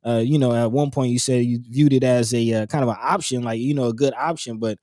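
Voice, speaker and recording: Laid-back man giving community shout-outs. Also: medium pitch, fast, no echo, clean studio sound. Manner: relaxed and rambling, many fillers and soft laughs. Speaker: co-host of a community talk show. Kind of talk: casual community news chat.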